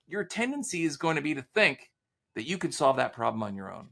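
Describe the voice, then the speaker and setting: A man talking about selling, with a voice that swings widely in pitch and carries a gravelly texture. He tells stories and acts out both sides of the conversations in them. The style is casual podcast talk. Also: fast talker. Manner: animated storyteller, acts out quoted dialogue. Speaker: sales author and consultant guest.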